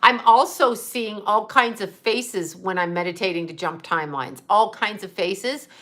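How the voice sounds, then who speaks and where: A woman's voice: mid-range voice, normal speed, pushed and bright. A middle-aged woman chatting casually and rambling through a story, digressing often, laughing and swearing.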